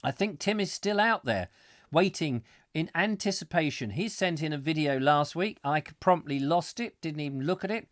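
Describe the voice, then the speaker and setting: Bloke rambling thru chat comments on a live comedy stream, bit high voice, dry close sound. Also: male voice, lively intonation, normal speed, no echo. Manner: rambling, playful, mock-macabre asides. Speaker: host.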